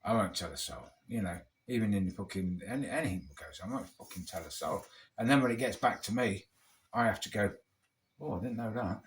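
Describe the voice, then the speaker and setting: A man's voice: fairly low pitch, animated, fast talker. British man, casual monologue, rambling, foul-mouthed, blunt, drinking beer. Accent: British English. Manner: rambling, heavy swearing, blunt. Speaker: vlogger.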